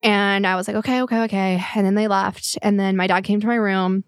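A woman's voice: mid-range voice, little pitch movement, brisk, clean tone, dry recording, studio quality. A young woman telling a painful personal story in a podcast talk, tearful and rambling with many fillers. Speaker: guest.

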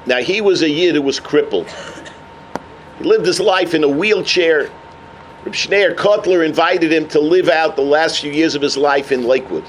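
A man giving a sermon as a rabbi, telling a story with animated energy. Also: on the high side, normal speed, a little hiss or hum. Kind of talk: sermon on the weekly portion.

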